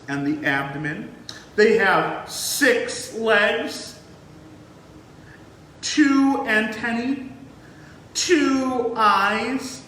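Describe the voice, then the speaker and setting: A man giving a museum lesson to young children in a lively, sing-song way. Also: a little high, slight background noise. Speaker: museum educator. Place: museum room. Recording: echoey room, mic far off.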